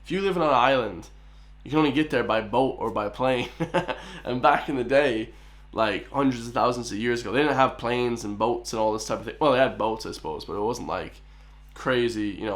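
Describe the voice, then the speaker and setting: A man's voice: mid-range voice, fairly quick, a bit bright. A man in his twenties from Ireland with a mild Irish accent, chatting casually as he reacts to a video for his viewers. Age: 20s. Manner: chatty, keeps addressing viewers as guys.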